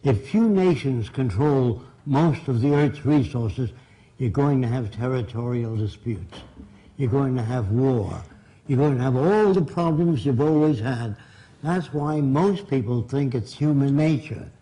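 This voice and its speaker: A man's voice: medium pitch, animated, unhurried, mellow, poor audio. An older man from Brooklyn, giving a blunt, emphatic public lecture. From Brooklyn, New York.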